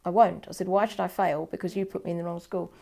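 An older woman recalls her past in an interview. Her voice sits low with a gravelly edge, and she acts out the dialogue of the people she remembers. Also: fast. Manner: animated, acts out quoted dialogue. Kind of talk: personal storytelling.

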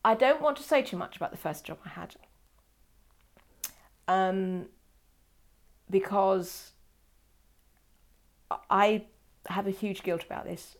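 A woman's voice: mid-range voice, slow pace, long pauses. An older woman telling a personal story in an interview, acting out quoted dialogue. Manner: animated, acts out quoted dialogue.

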